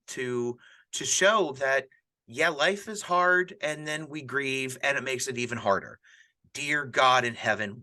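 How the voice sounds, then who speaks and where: In a casual conversation, a grieving, widowed middle-aged man who is a pastor and podcast host speaks earnestly about grief. His mid-range voice has a sharp tone, and he rambles with frequent restarts.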